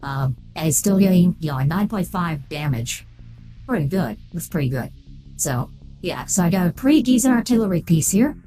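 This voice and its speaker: Woman game streamer, voice run through a changer, lowish warm tone, casual rambling, thanks followers. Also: animated, moderate pace, faint music behind. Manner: rambling, thanks followers, reads chat aloud. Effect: voice changer filter. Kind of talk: casual live-stream chat while playing.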